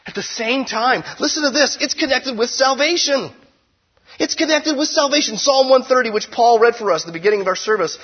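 Husky pastor preaching conversationally. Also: male voice, very high voice, expressive, a little fast, dull audio. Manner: conversational preaching with playful asides and swings from loud to hushed. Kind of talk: sermon.

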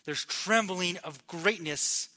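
A man from New Mexico preaching a sermon, telling a story with acted-out voices and swinging between loud and hushed delivery. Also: sits high, slow pace. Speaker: pastor.

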